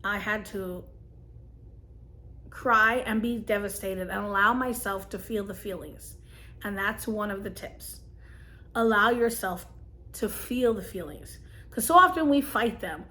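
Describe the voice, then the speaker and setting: A woman, telling a personal story and giving gentle, earnest advice to camera as a vlogger. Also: medium pitch, unhurried. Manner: earnest, gentle, emotional at times.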